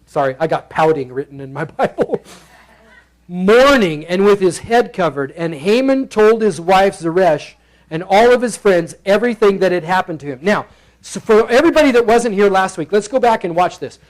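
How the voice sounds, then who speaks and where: A man's voice: high voice, lively intonation, moderate pace, rough recording. A man preaching a sermon in a church, playfully acting out the characters as he reads through the passage. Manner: playful, acts out the characters in bursts. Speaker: pastor. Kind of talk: expository sermon. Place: church sanctuary.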